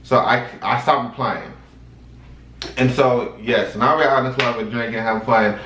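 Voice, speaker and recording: A man in his twenties hosting a vlog, telling a story in a chatty, animated way and talking straight to his viewers. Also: mid-range voice, normal speed. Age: 20s. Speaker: vlog host. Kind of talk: casual storytime monologue. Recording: roomy sound from a distant mic.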